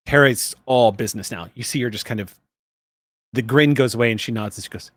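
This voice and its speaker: A man's voice: mid-range voice, a little fast, a bit bright, no room sound. Male game master, casual narration, dry mic. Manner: casual and profane.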